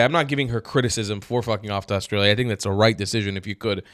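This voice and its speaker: A man hosting opinionated political commentary, cursing freely and swinging from flat asides to loud, exasperated outbursts. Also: on the low side, fast, few pauses, no echo, clean studio sound.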